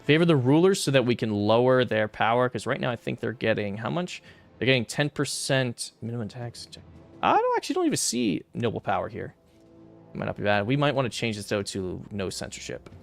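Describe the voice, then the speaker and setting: A man's voice: medium pitch, big pitch swings, a little fast, creaky. Young guy muttering thru a strategy game, voice jumps around a lot, some faint music under it. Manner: thinks aloud, mutters, flares into exasperated rants. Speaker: streamer playing a strategy game. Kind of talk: casual gameplay commentary.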